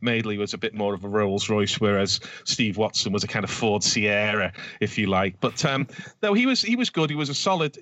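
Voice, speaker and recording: A man's voice: on the low side, fairly bright tone, dry recording, lo-fi sound. A man talking casually about old football matches, with many fillers and restarts as he searches for words. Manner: rambling, hesitant, many fillers. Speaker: podcast co-host, Everton fan.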